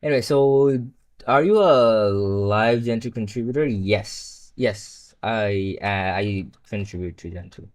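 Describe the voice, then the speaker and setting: A man's voice: lowish voice, slow pace, a little mellow. A young man who is not a native English speaker, chatting casually on a live stream while coding, rambling and swearing when frustrated. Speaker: livestreamer.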